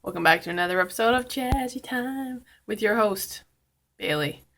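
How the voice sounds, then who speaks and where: A young woman from Canada hosting a casual nail tutorial vlog while sick and in pain, speaking quietly and rambling with many fillers and apologies. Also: mid-range voice, lively intonation, moderate pace. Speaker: host of a nail art channel.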